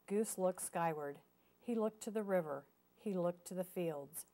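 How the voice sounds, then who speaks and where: A woman reading a children's picture book aloud with gentle, expressive storytelling. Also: lowish voice, a little slow. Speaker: storybook reader.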